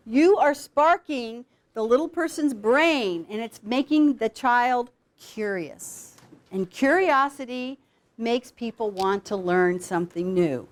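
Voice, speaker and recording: Animated woman teaching a class. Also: a little high, a little slow. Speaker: literacy program founder teaching students. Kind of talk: classroom instruction with a read-aloud.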